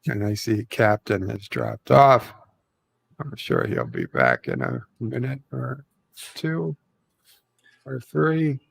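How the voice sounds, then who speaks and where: A man hosting a relaxed livestream chat, talking slowly and haltingly with frequent fillers. His voice has a gravelly edge at a middling pitch. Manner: slow, halting, many fillers. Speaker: livestream host. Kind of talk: casual chat.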